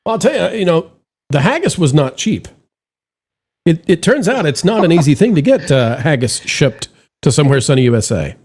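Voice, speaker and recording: Animated male live-stream host. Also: on the high side, moderate pace, husky. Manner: animated, jokey, reads donations aloud. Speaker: show host. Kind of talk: casual live-stream chat.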